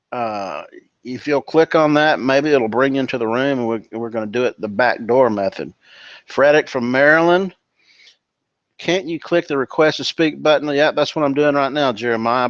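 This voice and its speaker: A relaxed man from California hosts a live online session, greeting his audience one by one and calling them brother and dude. His voice sits in a middle register. It comes through dry and a little muffled, like a basic computer microphone. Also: mid-range voice, dry recording. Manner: relaxed and chummy, calls people brother and dude. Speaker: webinar host. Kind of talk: casual live-stream chat reading out viewer greetings.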